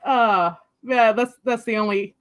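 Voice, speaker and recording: A woman hosting a casual livestream chat, talking in an animated way with hesitant restarts. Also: on the high side, unhurried.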